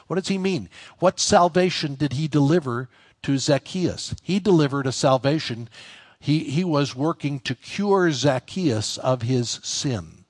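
A man's voice: fairly high pitch, animated, unhurried, dry recording, clean studio sound. A man preaching a sermon in a conversational way, building to emphatic points. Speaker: pastor.

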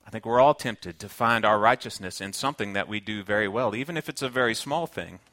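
A Southern man preaches in an earnest, conversational manner, with a bright, forceful tone. His voice sounds close and dry, with no room echo. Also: on the low side, quick pace. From Kentucky, United States. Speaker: pastor. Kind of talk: sermon.

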